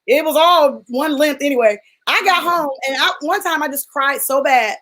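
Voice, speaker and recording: A woman's voice: high voice, normal speed, fairly bright tone, poor audio. A woman in a casual panel chat, telling a personal story with feeling and acting out the voices of people in it.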